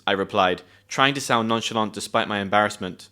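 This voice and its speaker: A British man teaching English, reading a story aloud and pausing to explain words clearly. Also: fairly low pitch, bright, forceful tone. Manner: friendly, clear explanations with pauses to define words.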